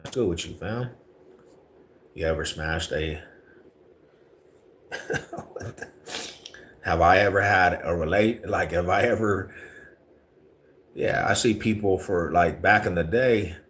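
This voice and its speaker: A man hosts a casual live stream. He chats in loose slang, answers viewer comments, and gets loud and heated on his rants. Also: low-pitched, takes it slowly, long pauses. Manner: laid-back slangy talk, rising to heated rants. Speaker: livestream host. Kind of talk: casual livestream chat reading viewer comments.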